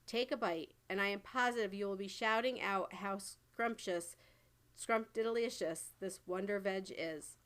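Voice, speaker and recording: Kindly male giant, gentle, earnest, mixed-up grammar, storybook, read by a woman. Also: mid-range voice, unhurried, lightly acted.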